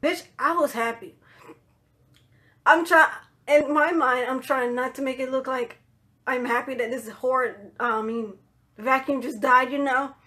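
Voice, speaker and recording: A woman telling a personal story in a casual vlog, animated, swearing freely and acting out what other people said. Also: unhurried. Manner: animated, swearing, acts out quoted voices in higher pitch.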